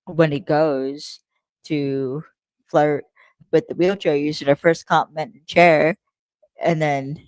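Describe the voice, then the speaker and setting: A woman's voice: low voice, dry recording. A woman hosting a casual solo podcast recap, talking in a rambling, profane way with lots of fillers. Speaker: podcast host.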